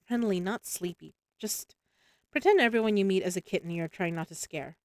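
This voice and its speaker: A quick-witted young woman full of playful teasing, read by a woman in her own voice. Her speech sits at an ordinary pitch with a dry, close sound. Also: dry recording, lightly acted.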